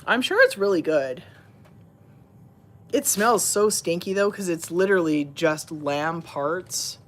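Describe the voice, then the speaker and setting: A woman's voice: lowish voice, lively intonation, slow, a little hiss or hum. Chatty woman cooing at her cats. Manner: chatty, laughs often, coos baby-talk at her cats. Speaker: livestream host with pet cats. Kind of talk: casual livestream chat.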